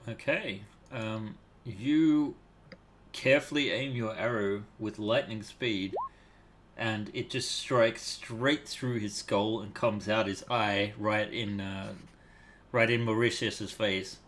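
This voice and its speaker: A man running a tabletop game as dungeon master. He narrates slowly and haltingly, with lots of fillers between phrases. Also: on the low side, steady tone, a bit bright. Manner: slow, hesitant narration with many fillers.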